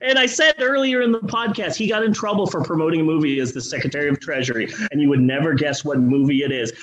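A man co-hosting a comedy movie-review podcast, talking in a profane, sarcastic, animated way. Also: on the high side, fast, dull audio. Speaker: podcast co-host.

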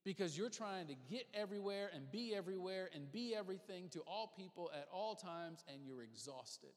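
A man's voice: high-pitched, brisk. A man preaching a sermon as pastor, speaking conversationally and repeating phrases for emphasis. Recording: reverberant hall.

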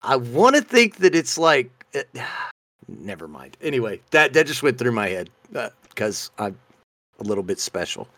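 A man's voice: medium pitch, very animated, moderate pace, a bit bright, no echo. A man, co-hosting a casual comedy chat and telling stories in a playful, self-mocking way. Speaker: podcast co-host.

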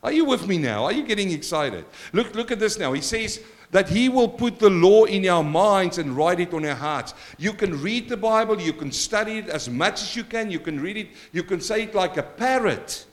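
Male pastor mid-sermon, higher-pitched, lively and questioning, booming then hushed. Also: moderate pace, few pauses. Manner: animated preaching with questions to the congregation; swings between loud exclamations and quiet asides.

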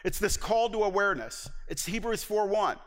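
Man preaching, high voice, sharp bright tone, earnest emphatic delivery, long hall reverb. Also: lively intonation, moderate pace. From Southern US. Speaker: pastor. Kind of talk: sermon.

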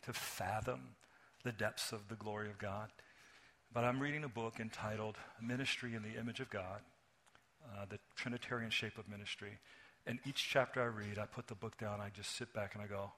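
Bright-voiced man preaching a sermon. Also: fairly low pitch, steady tone, normal speed. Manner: earnest, candid, frequent restarts and stammers. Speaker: pastor.

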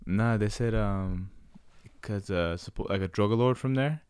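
A man's voice: lowish voice, a little slow, a little mellow, clean tone, no room sound, clean studio sound. A young man chatting casually with a friend in loose slangy talk, full of fillers. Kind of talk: casual chat.

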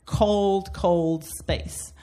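A woman's voice: mid-range voice, steady tone, extremely slow, mellow. A woman from Turkey doing a comedic debate bit, laughing through her jokes.

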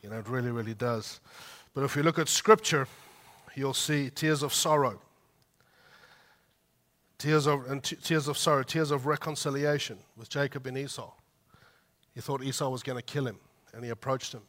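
Guy preaching, bright forceful tone, gets loud then goes soft, chatty asides. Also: medium pitch, fairly even intonation, moderate pace, pauses often. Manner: heartfelt, builds to loud emphatic peaks then drops soft; conversational asides with light laughs. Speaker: pastor. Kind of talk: sermon.

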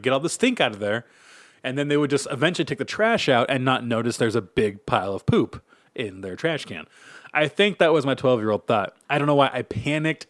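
An American man co-hosting a podcast, telling a crude story in an animated, laughing way. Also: mid-range voice, no room sound. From United States. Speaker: podcast co-host. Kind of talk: casual storytelling chat.

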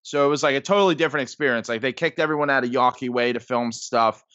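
Fast and mid-range with a fairly bright tone and no room sound, a man in his thirties guests on a podcast. He rambles through casual stories heavy on "like" and "um," and the audio is dull and lo-fi.

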